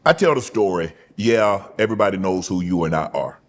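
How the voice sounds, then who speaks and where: A middle-aged man hosting a casual interview, relaxed and measured, with many short affirming interjections. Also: sits low. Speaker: host.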